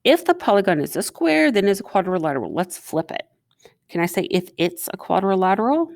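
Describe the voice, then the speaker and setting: A woman's voice: medium pitch, sing-song, fairly quick, gravelly, darkish tone, dry recording. A woman teacher talking students through a recorded math lesson, chatting and asking them questions as she writes. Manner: chatty, asks students questions while writing.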